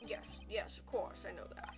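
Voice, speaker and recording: A woman voicing a pompous, blustering old male lawyer in a video game, with drawn-out lines. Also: music in the background, close to an everyday voice.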